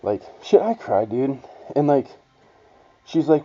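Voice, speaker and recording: A man's voice: mid-range voice, sing-song, slow pace, warm tone. A young man telling a personal story in a blunt, profane, rambling way, with many restarts. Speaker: vlogger. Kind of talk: casual storytelling monologue. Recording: dull lo-fi sound.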